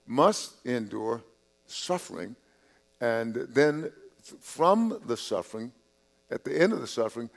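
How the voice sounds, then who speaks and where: A man preaching a sermon from the pulpit, his voice sitting in a middle pitch. He talks to the congregation conversationally, repeating words and restarting phrases. He drops to soft asides, then lifts his voice on the points he stresses. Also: gravelly. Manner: drops to quiet asides, rises on emphasis. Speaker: pastor.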